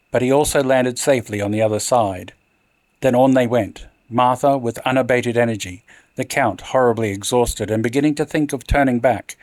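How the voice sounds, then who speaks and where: Expressive male storyteller for a horror reading, no room echo. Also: medium pitch. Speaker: narrator.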